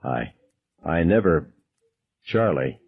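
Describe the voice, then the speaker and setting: A man voicing a terrified middle-aged teacher who answers in a low, faltering stammer. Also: big pitch swings, slow pace, gravelly, slightly rough, exaggerated voice. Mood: cowering. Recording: dull lo-fi sound.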